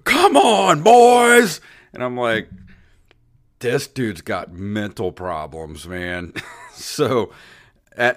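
Man, very deep voice, podcast co-host, casual storyteller, animated. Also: clear, resonant tone. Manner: animated, acts out voices in anecdotes.

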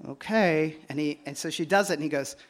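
A man chatting as a guest on a live podcast stage, animated and laughing, telling stories with quick restarts. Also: on the high side. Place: stage before a live audience.

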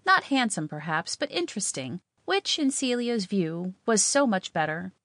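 A woman narrating a story in a measured, expressive way. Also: medium pitch, no echo.

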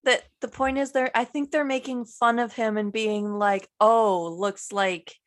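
A woman's voice: on the high side, fairly even intonation. Chatty young-sounding woman, casual. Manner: chatty, peppered with "like", quick to laugh. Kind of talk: casual chat.

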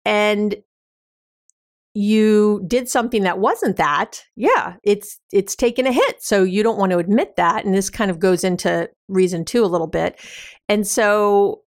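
A woman hosts an advice podcast in a mid-range voice, speaking a little slowly. The recording is dry and studio quality, and she explains casually with everyday examples and frequent fillers.

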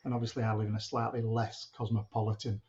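A man's voice: lowish voice, flat delivery, fast, darkish tone, slight background noise. A man with a northern English accent tinged with American, chatting wryly on a football podcast over a dull lo-fi line. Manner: wry, joking. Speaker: podcast panelist. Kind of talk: casual football podcast chat.

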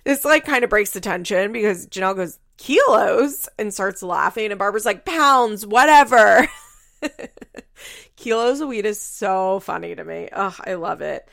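A woman's voice: medium pitch, a little fast, gravelly, hardly any pauses, fairly bright tone, no room sound, studio quality. A woman recapping a reality show in casual chat, blunt and profane, often laughing.

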